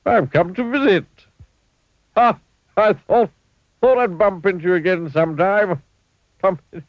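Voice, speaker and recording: A man's voice: sits high, measured pace, no echo, muffled recording, voice pushed up. A man doing a jolly, giggly accident-prone little man.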